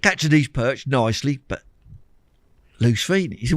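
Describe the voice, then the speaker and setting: Older male guest, animated anecdotal delivery, dry recording. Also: medium pitch, normal speed, no echo. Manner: animated anecdotal storyteller, repeats words, laughs often. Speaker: guest, champion angler. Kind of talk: storytelling interview chat.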